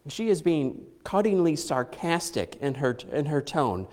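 A man in his thirties preaching a sermon in an earnest, halting way, often restarting his phrases. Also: fairly high pitch, very animated, darkish tone, long reverb tail. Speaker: pastor.

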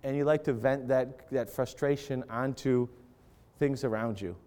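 A man's voice: mid-range voice, steady tone, a little slow, darkish tone, clear, resonant tone. A man preaching a sermon to parents and students, with an impassioned delivery that swells and drops as he acts out prayers. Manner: impassioned preaching, voice rising and falling for acted prayers. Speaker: pastor.

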